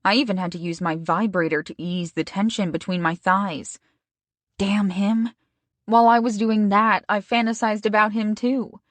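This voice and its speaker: A woman narrating a first-person romance audiobook in a slow, even, measured way. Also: mid-range voice, no echo.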